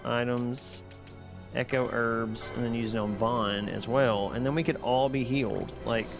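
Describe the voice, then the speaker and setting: A man streaming live, chatting casually and excitably with his viewers while playing a game. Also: medium pitch, measured pace, over music. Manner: excitable, chatty, reads and answers chat.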